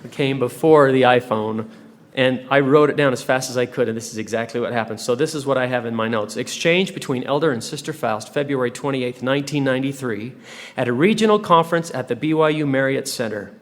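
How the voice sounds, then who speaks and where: A man giving a humorous devotional talk to young people, full of rhetorical questions and playful asides. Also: mid-range voice. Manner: joking asides, rhetorical questions, dramatic pauses. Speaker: church speaker. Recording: live talk in a large hall with long reverb.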